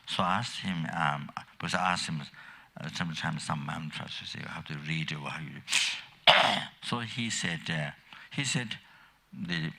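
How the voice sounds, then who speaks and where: An older man gives a halting, meandering Dharma teaching, his very deep voice gravelly and husky yet edged with sharpness. He speaks slowly, trails off into fillers and restarts, and stops to cough often. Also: very animated, pushed and bright. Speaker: Buddhist teacher.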